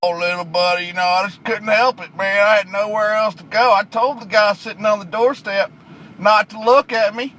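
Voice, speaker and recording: A man voicing a slow, simple-minded trucker in his late fifties, who drawls and calls the listener "little buddy.". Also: high-pitched, steady tone, pushed and bright, a little hiss or hum, poor audio. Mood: whiny. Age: late 50s. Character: slow simple older male trucker, mumbly and whiny.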